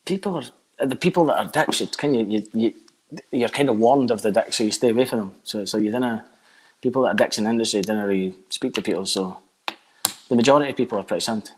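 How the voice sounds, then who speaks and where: A man's voice: lowish voice, fast, slightly rough, poor audio. A Scottish man in his thirties, a band frontman chatting casually as a guest, rambling and swearing with lots of filler words. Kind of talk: casual chat.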